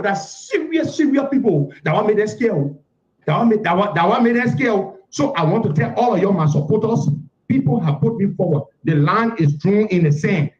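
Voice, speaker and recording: A man, giving an impassioned public address full of repetition and rhetorical questions. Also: high-pitched. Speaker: political figure. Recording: echoey, dull lo-fi clip.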